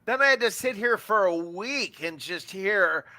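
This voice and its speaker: An older man on a sports chat panel, grumbling in a wry, laid-back way. His voice is bright and sits a little high. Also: expressive, unhurried. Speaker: podcast panelist.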